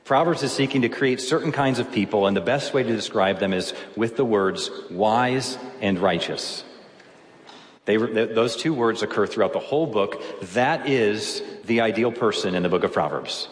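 A man's voice: fairly low pitch, normal speed. A man preaching a sermon as pastor, teaching through verses step by step and asking rhetorical questions. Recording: echoey hall with long reverb.

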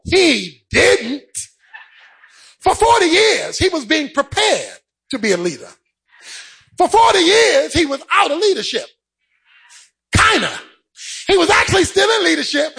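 A man preaching a sermon, swinging between shouted, sing-song peaks and quieter stretches. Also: very high voice, sing-song, moderate pace, vocal fry, pauses often, rough recording.

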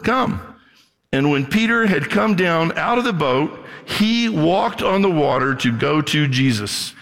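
A male pastor delivers a conversational sermon, slipping into the voices of the people in his story. His voice has a gravelly edge, and it rolls out into the long reverb of a large sanctuary. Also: on the high side, a bit bright. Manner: conversational preaching, acts out voices, ends in prayer.

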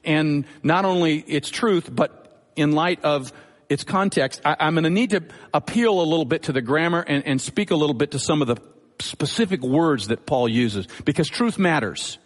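Man, pastor, sermon, measured teaching, emphatic repetition, slightly high voice, long hall echo. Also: expressive.

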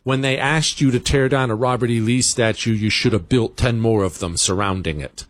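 A man's voice: mid-range voice, steady tone, normal speed, no echo. A man hosting a talk radio show, delivering a sarcastic, combative monologue.

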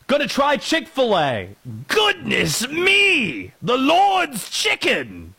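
A man putting on a squeaky excited European tourist. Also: slow pace, gravelly, husky, exaggerated voice. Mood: amazed. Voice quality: high exaggerated Australian-English put-on accent. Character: comic European-accented male tourist.

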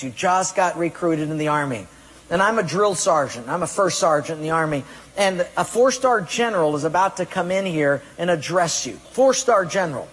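A pastor preaching a sermon with emphatic delivery and rhetorical questions to the congregation. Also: male voice, high voice, breathy edge. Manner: emphatic preaching, rhetorical questions, acts out excuses in quoted voices. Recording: long hall reverb.

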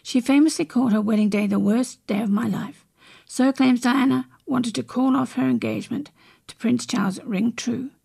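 A woman reading celebrity and royal stories from magazines aloud, in a steady read-aloud manner with brief restarts. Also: a little high, moderate pace, creaky, husky. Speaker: news reader.

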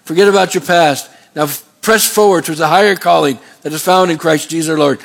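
A pastor preaching, his voice sitting a little higher than most men's. He steps through numbered points and puts questions to the congregation for them to answer back. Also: quick pace, creaky, fairly bright tone. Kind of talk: sermon.

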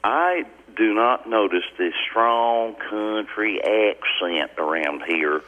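A man's voice: lowish voice, expressive, takes it slowly, phone-quality sound. A man, co-hosting a casual radio chat in a chatty, colloquial way. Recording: radio broadcast.

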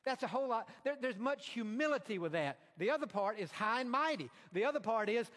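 High-pitched male preacher, emphatic, with a long echo like a large sanctuary. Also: animated, brisk, hardly any pauses. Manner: emphatic, rising to loud peaks when quoting proud speech. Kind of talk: sermon.

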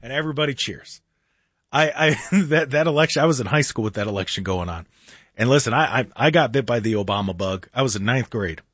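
Sarcastic talk radio host, dry studio. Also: male voice, mid-range voice, expressive, fast, fairly bright tone, husky, no echo. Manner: rambling, sarcastic, mock-earnest asides. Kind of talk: opinionated talk radio monologue. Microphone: studio microphone.

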